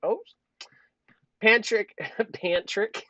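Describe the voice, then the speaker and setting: A man's voice: sits high, drawn-out words, pushed and bright, dry recording. A man co-hosting a casual livestream chat, jokey and rambling, laughing often as he reads out the chat. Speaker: podcast co-host. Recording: dull lo-fi stream audio.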